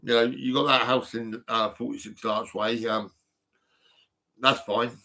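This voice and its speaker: A man's voice: mid-range voice, fairly even intonation, measured pace, gravelly, sharp tone. A man, rambling through a personal phone vlog full of ums and restarts. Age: 50s. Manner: rambling, full of ums and restarts, laughing at his own stories. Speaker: vlogger.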